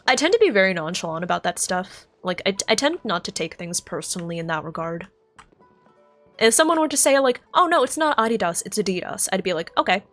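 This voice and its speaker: An American woman chats on a live stream with a lively, bouncing pitch, rambling and correcting herself as she goes. Faint music plays quietly behind her. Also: a little fast. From United States. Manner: chatty and rambling, thinks aloud, self-correcting. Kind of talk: casual chat with live stream chat.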